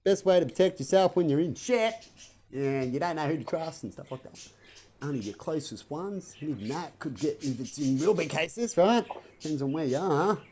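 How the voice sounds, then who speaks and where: A man's voice: on the high side, lively intonation, moderate pace, a little mellow, a little hiss or hum. A man, rambling through a casual vlog monologue full of rhetorical questions. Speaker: vlogger.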